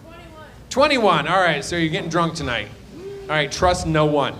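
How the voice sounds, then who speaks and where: Stand-up comic, man, slightly high voice, loose rambling crowd banter at a live show. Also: lively intonation, moderate pace, bright, forceful tone. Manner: rambling, self-deprecating banter, trailing off low. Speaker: stand-up comedian.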